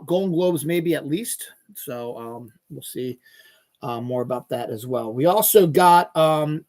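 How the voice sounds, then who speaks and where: Profane, bright-voiced man hosting a podcast. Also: on the high side. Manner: profane ranting, then easygoing chatter. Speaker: podcast host. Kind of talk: casual solo podcast talk. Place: home room.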